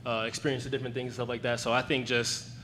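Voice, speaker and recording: A man's voice: medium pitch, flat delivery, rapid-fire, fairly bright tone. A young man, a hurdler, answering at a press conference in a laid-back, joking, slangy way.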